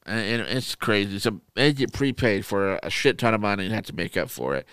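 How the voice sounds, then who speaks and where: A man co-hosting a podcast, telling stories in casual chat, animated and profane. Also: on the low side, fairly quick, clear, resonant tone, dry recording. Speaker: podcast co-host.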